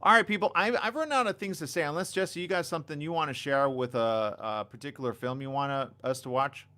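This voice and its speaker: A man hosting a casual live stream on a desk mic, reading viewer comments and chatting excitably. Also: fairly high pitch, fairly quick. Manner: animated, excitable, reads viewer comments aloud. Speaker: livestream host. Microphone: desk condenser mic.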